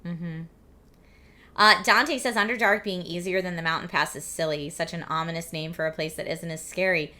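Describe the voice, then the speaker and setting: A woman in her forties hosts a casual live stream, chatting easily and reading viewer messages aloud. Her voice is bright and forward but slightly husky and scratchy, with a lingering cough. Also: on the low side, fairly even intonation, normal speed. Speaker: streamer host.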